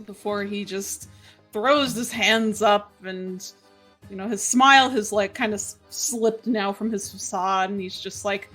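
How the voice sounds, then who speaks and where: A woman narrating a tabletop game as game master, in a relaxed, hesitant way. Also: mid-range voice, measured pace, soft background music.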